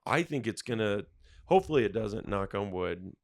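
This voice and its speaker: A man hosting a podcast in casual chat, telling stories with an animated, laughing, swearing manner. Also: fairly low pitch, normal speed, gravelly, no room sound, clean studio sound. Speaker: podcast host.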